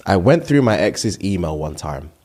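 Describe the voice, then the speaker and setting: A podcast co-host with a deep voice chats casually at a slow pace. He's animated, reading listener comments aloud and laughing often.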